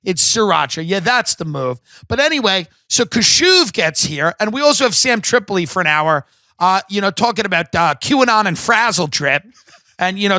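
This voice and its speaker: A man with a high, sharp, tense voice rants emphatically through a comedic podcast monologue, swearing freely. The sound is dry and close, with no room around it. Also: dry recording. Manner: profane, emphatic ranting. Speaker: podcast host.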